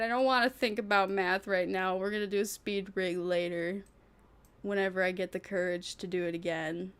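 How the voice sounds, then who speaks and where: A woman's voice: medium pitch, steady tone, normal speed, a bit bright, smooth. A woman VTuber chatting casually on a livestream, rambling and thinking aloud with frequent giggles. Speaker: VTuber streamer.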